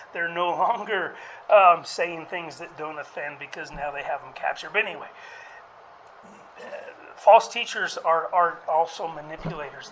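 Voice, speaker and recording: A man's voice: high voice, sharp tone, slight background noise, rough recording. A male pastor preaching a sermon in a conversational way, with fillers and restarts, rising to emphatic calls.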